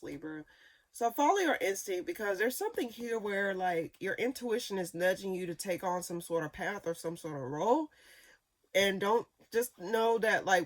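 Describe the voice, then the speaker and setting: A woman with a lowish voice gives a casual tarot reading. She talks in loose, rambling sentences packed with fillers, restarts, and repeated phrases.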